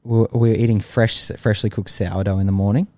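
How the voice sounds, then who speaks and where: A man's voice: on the low side, flat delivery, quick pace, warm tone, dry recording. A man co-hosting a podcast in a laid-back, casual chat, often swearing. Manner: laid-back, short agreeing replies, swears. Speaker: podcast co-host.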